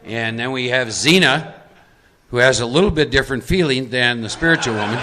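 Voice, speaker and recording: A man's voice: mid-range voice, normal speed, crowd noise. A man giving a live recovery workshop talk, conversational and coaxing as he pulls volunteers from the audience into a role-play. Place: meeting room with audience.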